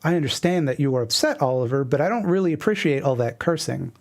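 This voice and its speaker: A man's voice: on the high side, expressive, fast. A man voicing a cheery, overly polite young woman in a webcomic reading. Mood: soothing. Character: cheery sweet-natured young woman, upbeat.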